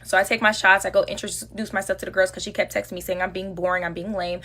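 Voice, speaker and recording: Fast-talking woman telling a storytime. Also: medium pitch. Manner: chatty, animated retelling with slang and asides to viewers. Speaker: storytime vlogger. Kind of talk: casual storytime monologue.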